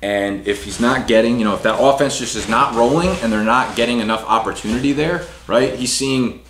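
A man's voice: mid-range voice, fairly bright tone, a little hiss or hum. A young man breaking down fantasy football rankings in a casual, talky way, full of "you know" and "right". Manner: fast casual delivery with fillers like "you know". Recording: echoey room.

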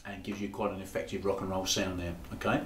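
A man, teaching saxophone in a halting, explanatory way with frequent pauses. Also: low-pitched, little pitch movement, a bit bright, faint music behind. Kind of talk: demonstrating tutorial. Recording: echoey room with faint background noise.

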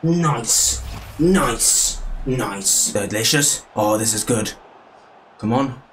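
A young British man giving excitable, cheeky live commentary on a football video game, with game music behind him. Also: mid-range voice, extremely slow, slight background noise. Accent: British English. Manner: excitable, shouting and cheeky trash talk. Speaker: gaming YouTuber.

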